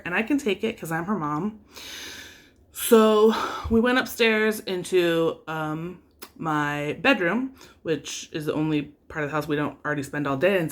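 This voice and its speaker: A woman vlogging about parenting, with a wry, self-deprecating storytelling manner. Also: deep voice. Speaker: vlogger and mother. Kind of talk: casual vlog storytelling.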